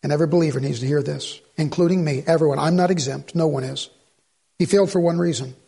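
A man preaching a sermon as the pastor, swinging from loud exhortation to low, earnest asides. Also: fast talker, creaky, breathy edge.

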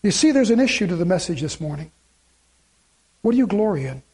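A man's voice: high-pitched, very animated, fairly quick, a little mellow, husky. A male pastor preaching a sermon and reading scripture aloud, building to emphatic, repeated lines. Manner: preaching with rising emphatic repetition.

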